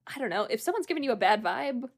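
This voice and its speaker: A woman co-hosting a casual chat, animated and quick to laugh, often trailing off mid-thought. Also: fairly high pitch. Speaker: podcast co-host.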